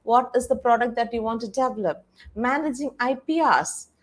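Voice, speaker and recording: A woman's voice: on the high side, moderate pace. A woman giving an online presentation to faculty and students, explaining step by step and often stopping on "okay" and "all right". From India. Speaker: panel speaker on innovation policy.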